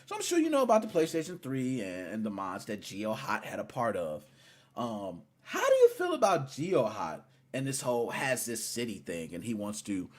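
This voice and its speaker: A man hosting a casual gaming podcast, teasing his guest and talking with animated swings between loud and quiet. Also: mid-range voice, moderate pace. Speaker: podcast host.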